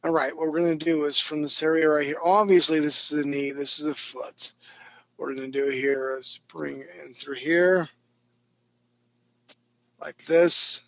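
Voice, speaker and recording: A man's voice: a little high, steady tone, moderate pace, fairly bright tone, no room sound, rough recording. A man teaching a live online drawing class, chatty and self-mocking as he talks through each stroke. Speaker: drawing instructor.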